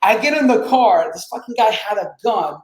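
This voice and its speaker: A man whose first language is Arabic, telling his story as a podcast guest in a lively, swearing, casual way and acting out quotes. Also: sits high, normal speed, echoey room, poor audio. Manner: animated, swears, acts out quotes.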